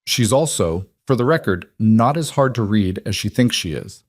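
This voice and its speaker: A man voicing a calm, firm single father who speaks quietly and steadily. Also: lowish voice, normal speed, no echo, clean studio sound. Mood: gentle. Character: calm, steady former soldier, a single dad.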